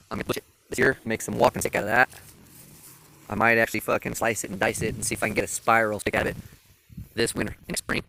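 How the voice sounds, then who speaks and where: Guy rambling about his dogs outside, lowish voice, cussing a lot, slight hiss behind. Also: creaky, a bit bright. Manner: laid-back, profane, rambling. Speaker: dog kennel owner. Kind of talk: casual vlog walkthrough. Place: outdoor dog yard. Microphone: phone held while walking.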